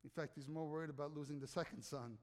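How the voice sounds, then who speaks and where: High-voiced pastor in a reverberant hall. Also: male voice, steady tone, fast. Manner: conversational, questions the audience, acts out quotes. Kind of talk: sermon.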